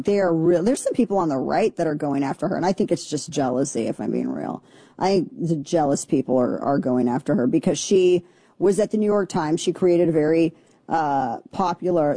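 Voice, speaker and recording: Sarcastic, husky-voiced woman commentator. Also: low-pitched, warm tone, no echo. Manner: opinionated, sarcastic. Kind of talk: casual opinion commentary.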